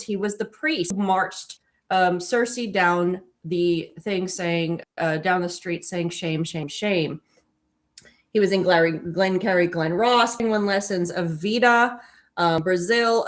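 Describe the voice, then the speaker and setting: A woman co-hosting a casual film discussion, enthusiastic and digressive, often correcting herself mid-sentence. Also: mid-range voice. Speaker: podcast co-host and author.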